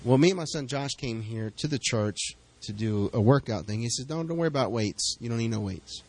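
A middle-aged man preaching a sermon, telling a story with lively back-and-forth dialogue. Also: mid-range voice, fairly quick. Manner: storytelling, animated, acts out quoted exchanges. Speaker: pastor.

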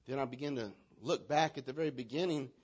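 A man's voice: mid-range voice, fast, slightly rough. A man preaching a sermon as pastor, emphatic and repetitive, calling out lines for the congregation to repeat.

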